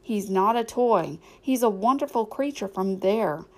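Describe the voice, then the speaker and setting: A woman's voice: medium pitch, lively intonation, a little slow. A woman reading aloud, voicing an earnest young boy who is a big brother.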